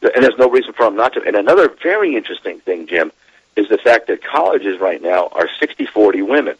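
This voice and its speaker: A middle-aged man, a demographer, talking as a guest on a radio show, animated and laughing as he explains. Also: on the low side, fast talker, breathy edge, no echo, muffled recording. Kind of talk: radio interview.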